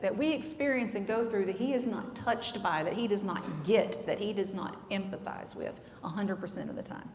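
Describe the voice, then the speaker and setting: In an echoey church hall with faint ambience and slight background noise, a woman of medium pitch talks earnestly about marriage. She is a marriage counselor explaining her points, often leaning on fillers.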